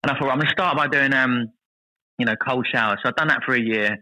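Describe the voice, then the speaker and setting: A man in his thirties telling lively stories as a podcast guest, acting out what others said. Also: mid-range voice, fast talker, rough recording. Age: 30s. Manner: lively anecdotal storytelling, voices others in quotes. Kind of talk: casual podcast chat.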